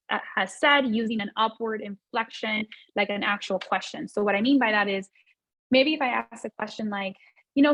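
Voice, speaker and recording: A woman's voice: fairly high pitch, no echo, muffled recording. A woman teaching a business workshop in a conversational way, with frequent fillers and restarts and repeating points for emphasis. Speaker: workshop presenter.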